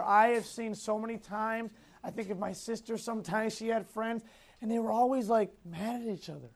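A man's voice: sits high, fairly even intonation, normal speed. A man teaching a Sunday school lesson to a class, repeating key points, asking questions and chuckling often as he tells personal stories. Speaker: youth Bible teacher.

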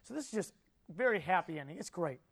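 A man preaching a sermon, telling a story with animated energy, questioning the audience and swinging between soft and loud. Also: high-pitched, quick pace, vocal fry, husky.

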